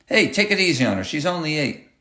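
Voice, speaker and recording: A man's voice: fairly high pitch, sing-song, quick pace, bright, forceful tone, pitched above the performer's own voice. A man voicing a frightened but defiant seventh-grade boy who stammers as he stands up for his little sister. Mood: scared. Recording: roomy echoey room.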